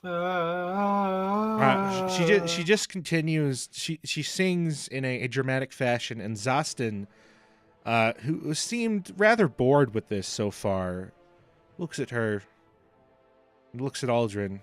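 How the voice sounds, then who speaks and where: A man serving as game master, narrating turns in a brisk, matter-of-fact way. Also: medium pitch, expressive, no echo. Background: faint music.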